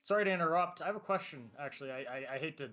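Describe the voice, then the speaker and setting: A man's voice: on the high side, animated, racing, fairly bright tone, soft background music. A man playing a hesitant, polite young scavenger.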